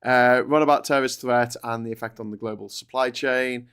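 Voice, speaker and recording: Man, mid pitch, chatty and jokey, video call stream. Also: steady tone, a bit bright, clean tone. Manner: joking, chatty, quick asides. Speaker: co-host of a news talk stream. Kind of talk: casual live-stream chat.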